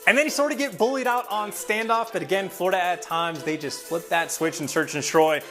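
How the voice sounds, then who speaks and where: A male analyst breaking down a match in measured, analytical commentary. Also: high voice, pushed and bright. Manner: measured, analytical, slight restarts. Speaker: esports analyst. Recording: music bed underneath.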